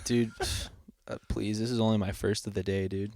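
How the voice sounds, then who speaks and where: Man, lower voice, teasing podcast co-host, dry dead room. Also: level tone, moderate pace, dark tone, no room sound. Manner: teasing, joking interviewer. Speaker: podcast co-host, band member. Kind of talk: casual chat.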